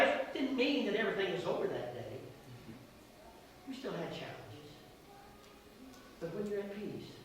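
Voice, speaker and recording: Older male pastor preaching in an echoey hall. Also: on the high side. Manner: emotional storytelling, swelling loud then dropping quiet. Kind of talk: sermon. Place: church sanctuary. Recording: echoey church hall from far off, with noise.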